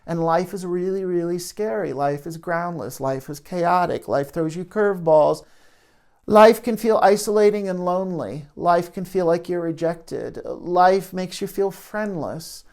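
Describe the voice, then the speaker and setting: A man's voice: sits high, unhurried, creaky, a little mellow. A man speaking as a therapist in an educational talk to camera, reflective and searching for his words as he goes.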